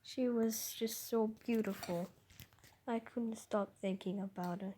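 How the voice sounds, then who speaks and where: Slow, high-voiced woman telling a story. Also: steady tone, dark tone, a little hiss or hum. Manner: rambling, self-conscious, with restarts and asides. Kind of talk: casual read-aloud fan story.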